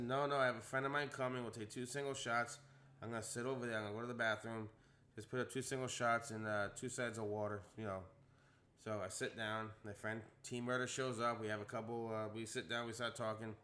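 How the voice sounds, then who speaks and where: A young man telling a story on a casual podcast, animated, acting out the quotes in a rising voice. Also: medium pitch, fairly quick.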